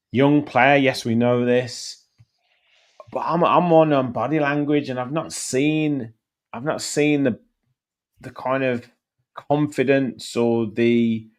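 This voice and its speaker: Host, male, mid-pitched, relaxed fan-forum chat, reads comments aloud. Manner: reads out viewer comments, then hands over to panelists. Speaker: podcast host. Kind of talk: casual football chat.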